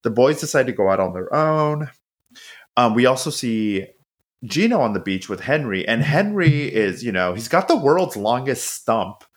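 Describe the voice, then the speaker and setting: A man co-hosting a podcast, recapping a show in casual chat, swearing freely and acting out the characters' lines. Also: normal speed. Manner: animated, profane, acts out quotes in high voices. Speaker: podcast co-host.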